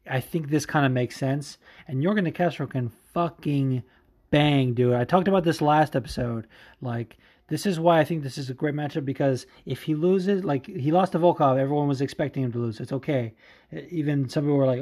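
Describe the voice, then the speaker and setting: Male podcast host, casual and profane, late-night tired, average pitch. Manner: profane, excitable, says dude a lot.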